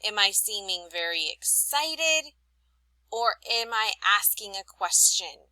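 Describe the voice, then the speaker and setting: A woman teacher speaks to young children in a recorded lesson, with a bright, clear voice. Her pitch rises and falls a lot as she reads her examples with plenty of expression. The sound is dry and close. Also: takes it slowly, no room sound, poor audio. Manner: clear, expressive reading aloud to young learners.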